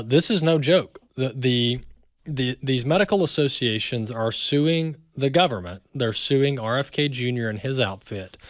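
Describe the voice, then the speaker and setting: A man's voice: medium pitch, dry recording, clean studio sound. A man with an American accent hosting a talk radio show, speaking emphatically and repeating words as he builds his point.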